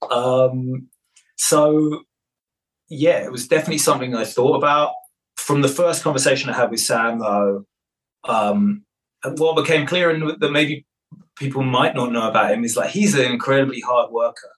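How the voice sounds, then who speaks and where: A film director in casual interview chat, relaxed, with many fillers and restarts. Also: male voice, medium pitch, moderate pace, low-quality recording.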